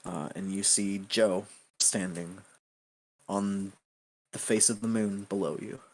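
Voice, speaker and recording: A man serves as game master, narrating a tabletop game at an unhurried crawl. His voice sits on the low side, and he leans on frequent ums and uhs. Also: steady tone. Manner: slow, halting narration with many fillers.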